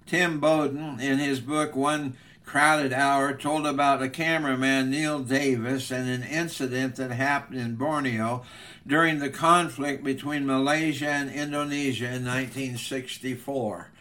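Guy preaching a sermon, tells a story slow and earnest, middle pitch. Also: steady tone, bright, forceful tone. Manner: measured, earnest narration.

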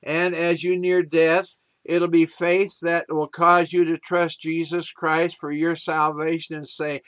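Male preacher with a slightly high voice, earnest sermon delivery, close dry sound. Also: measured pace, hardly any pauses, clean tone, no echo. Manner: earnest, steady storytelling.

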